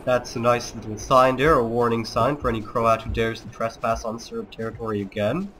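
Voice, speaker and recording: A man's voice: mid-range voice, little pitch movement, fairly quick, a bit bright, a little hiss or hum. A man with a put-on Serbian accent, a let's play host giving mock-solemn, declamatory gameplay commentary.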